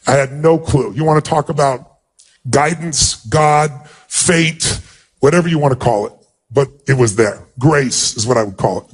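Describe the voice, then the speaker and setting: A man giving a motivational talk, telling a personal story in a heartfelt, emphatic way. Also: mid-range voice. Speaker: motivational speaker.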